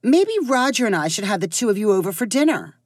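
A woman's voice: medium pitch, sing-song, fast talker, a little mellow, no echo, studio quality, pitched above the performer's own voice. A woman voicing an eager, gossipy hostess. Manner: eager, smoothing things over. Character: fussy hostess woman, nosy and peacemaking.

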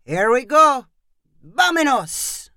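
A brisk male ranch guide who barks cheerful orders at a group of riders, as a storyteller puts him on. The voice is pitched higher and louder than the narration. The recording is dry and close, in the manner of a storybook reading. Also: animated, clean tone, dry recording, natural voice. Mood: upbeat. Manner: loud, bossy, upbeat.

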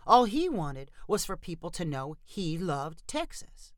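A woman narrating a storybook in a steady, even reading. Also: fairly low pitch, a little slow, few pauses, dry recording, studio quality.

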